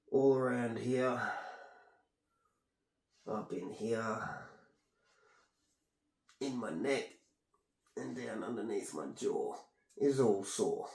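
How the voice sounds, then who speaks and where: Gravelly man rambling in an echoey room. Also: medium pitch, dark tone. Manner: aggrieved, meandering, talks while ear candling. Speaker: vlogger. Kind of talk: rambling casual monologue.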